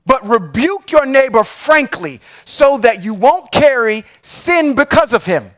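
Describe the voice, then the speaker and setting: Male livestream Bible teacher, higher voice, slow emphatic verse reading, conversational asides. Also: big pitch swings. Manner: reads verses slowly and emphatically, then comments with rhetorical questions; often checks in with "okay?". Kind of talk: reading and teaching scripture on a live stream.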